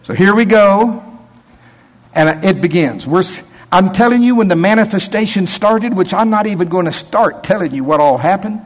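A man's voice: sits high, normal speed. A man preaching a sermon and telling a story, acting out the voices of the people he quotes. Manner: animated, acts out quoted voices.

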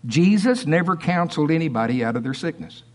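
A man's voice: a little high, lively intonation, fairly quick. Emphatic folksy preacher man. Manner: emphatic and folksy, swinging between loud outbursts and quiet asides. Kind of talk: sermon. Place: church.

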